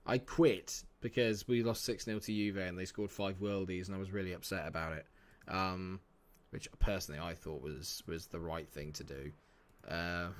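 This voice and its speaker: A man with a fairly low voice runs a relaxed live-stream commentary over a football management game. He talks straight to his viewers and his players, with easy chat and a bit of mild swearing, from a room at home. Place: home room near a main road.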